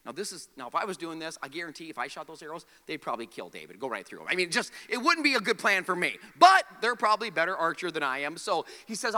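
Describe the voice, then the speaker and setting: A man's voice: fairly high pitch, big pitch swings, fast, hardly any pauses, sharp tone, big-room sound. A man preaching a sermon as pastor. He tells the story with animation, acts out the characters' lines and has the audience repeat words back to him.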